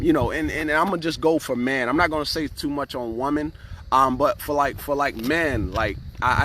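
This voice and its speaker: A man's voice: mid-range voice, a bit bright, slight background noise. A man hosting a casual motivational live stream, speaking earnestly, repeating words and often asking "right?" as he greets viewers by name.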